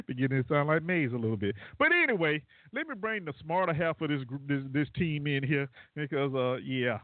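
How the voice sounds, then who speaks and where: A man's voice: a little high, sing-song, normal speed, dry recording. A man hosting a casual call-in talk show, rambling and laughing at his own jokes. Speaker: radio show host. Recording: dry, phone-like internet radio line.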